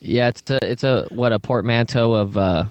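A man's voice: mid-range voice, normal speed, darkish tone. A young adult man and musician in a casual podcast chat, playful and sassy in his banter.

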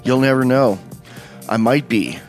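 A man's voice: mid-range voice, unhurried, soft background music. A man hosting a podcast in casual chat, joking and wry. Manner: joking, wry, loose talk. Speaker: podcast host.

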